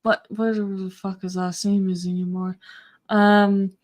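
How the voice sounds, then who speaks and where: A woman's voice: mid-range voice, level tone, measured pace, darkish tone. A woman reviewing a podcast live, incredulous and swearing freely. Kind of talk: casual reaction chat.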